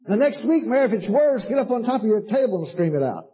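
A man's voice: high voice, sing-song, fast, warm tone, low-quality recording. A man preaching a sermon to a congregation, fervent and emphatic, repeating himself and calling listeners "honey".

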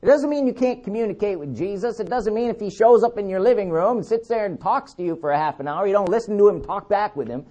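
A man preaching a sermon, emphatic, repeating key words and slowing down to read scripture. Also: sits high, dark tone.

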